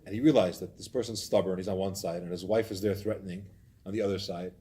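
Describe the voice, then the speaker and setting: A man's voice: sits low, steady tone, fast talker, dark tone. A man, a community rabbi, telling a story in a Torah class, animatedly acting out its scenes.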